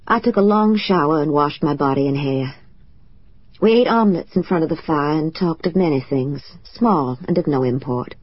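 A woman reads a novel aloud in the first person, with a low, husky, slightly breathy voice. Her delivery is measured and emotional. The recording is dry and somewhat dull. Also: no echo. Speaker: audiobook narrator. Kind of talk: first-person audiobook narration.

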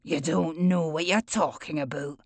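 Bitter old father, gruff and defensive, read by a woman narrator, slow and dry. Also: low-pitched, steady tone, no echo, pitched below the performer's own voice. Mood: harsh. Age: older. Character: bitter older father, dismissive boozer. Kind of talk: audiobook character voice.

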